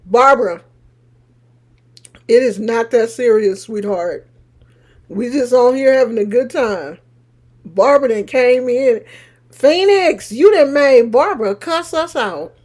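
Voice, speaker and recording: A woman live streaming and chatting casually with her viewers, teasing and sassy, breaking into loud laughs. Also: fairly high pitch, lively intonation, slow pace, pauses often.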